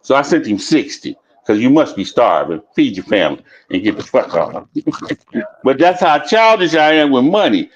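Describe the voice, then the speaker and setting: A man in casual chat, blunt and profane, repeating lines for emphasis. His voice sits at an ordinary pitch. The recording sounds dull and lo-fi. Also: very animated, normal speed. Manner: blunt, profane, repeats himself while telling stories.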